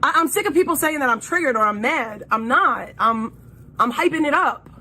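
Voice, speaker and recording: Loud profane woman from New York. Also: high voice, moderate pace, slight background noise. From New York City. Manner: loud, profane, animated, yells when flaming people. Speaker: livestream panel host. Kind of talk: heated livestream argument.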